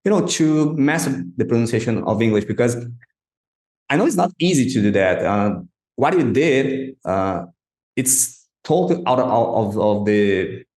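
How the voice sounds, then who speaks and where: A man's voice: medium pitch, animated, measured pace, darkish tone. Hesitant man host in a roomy space. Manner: hesitant, many restarts and fillers, searching for words. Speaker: podcast host. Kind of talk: podcast interview questions.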